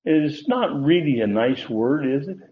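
A man's voice: on the high side, animated, unhurried. A man preaching an expository sermon, teacherly, lifting his voice to stress key words. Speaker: pastor. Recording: tinny phone-like audio.

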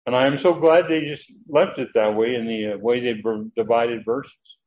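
A Bible teacher delivers a sermon, teaching scripture in a conversational, meandering way full of fillers. His voice is medium-pitched at a moderate pace. The lo-fi recording sounds dull, with faint ambience.

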